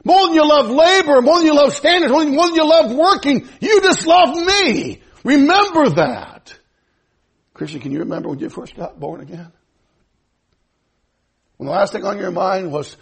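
A man preaching a sermon, swinging between loud fervent exhortation and hushed, low pleading. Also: animated, moderate pace, creaky. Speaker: pastor.

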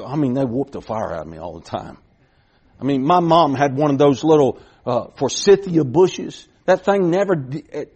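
A middle-aged preacher tells a folksy story from the pulpit. His husky voice sits a bit high and swings widely in pitch. He circles back with repeated starts, then pushes hard on his points. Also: a little mellow. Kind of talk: sermon storytelling.

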